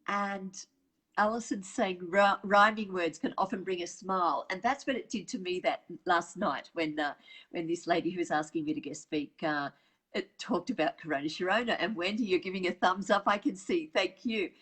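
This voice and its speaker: Husky woman running a live online workshop. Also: fairly low pitch, moderate pace, fairly bright tone, rough recording. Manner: chatty, reads out chat comments, laughs often.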